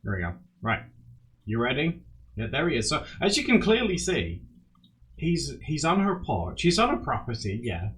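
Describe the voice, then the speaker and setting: A man streaming live, chatting casually and excitably with his viewers and laughing often. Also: medium pitch, moderate pace. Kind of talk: casual live-stream chat while drawing.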